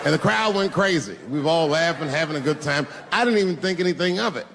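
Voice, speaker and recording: A man performing a stand-up set, telling a profane story that swings from low, drawn-out lines to high shouts. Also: expressive, vocal fry, noisy background. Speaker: stand-up comedian. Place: large theater stage. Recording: reverberant theater with loud crowd laughter.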